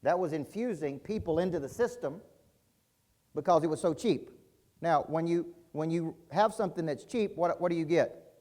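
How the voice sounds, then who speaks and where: A man's voice: on the high side, moderate pace, darkish tone. A middle-aged man giving an intense, punchy business-coaching keynote at a conference, often quizzing his audience. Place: conference hall stage.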